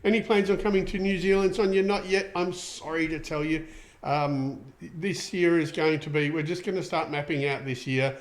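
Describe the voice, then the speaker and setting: A man's voice: fairly high pitch, steady tone, moderate pace. A middle-aged Australian man hosting a casual livestream show, rambling and chatty with lots of ums as he reads out viewer comments. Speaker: show host.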